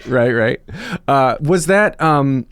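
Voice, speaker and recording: Animated male podcast host. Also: medium pitch, slow, clean tone, no room sound. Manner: animated, enthusiastic questioning. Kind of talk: casual interview chat.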